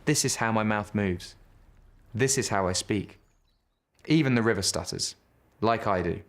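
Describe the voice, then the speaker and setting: A man reading a children's bedtime story aloud in a gentle, unhurried way. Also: lowish voice, gravelly.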